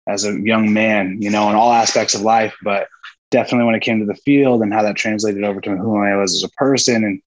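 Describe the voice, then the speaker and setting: A man's voice: on the low side, steady tone, quick pace, muffled recording. A young man, a former college football player, chatting as a podcast guest and telling rambling stories with fillers and laughs. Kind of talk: casual storytelling chat.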